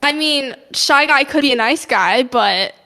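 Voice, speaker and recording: A woman's voice: high voice, animated, measured pace, sharp tone. A young woman co-hosting a podcast in casual chat, playful and teasing, often restarting her sentences. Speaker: podcast co-host.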